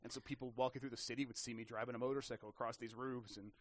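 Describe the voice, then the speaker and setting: A man's voice: mid-range voice, very fast, dry recording. A man in casual podcast chat about games, telling stories with lots of restarts and acted-out quotes. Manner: animated storyteller, many restarts, acts out quotes.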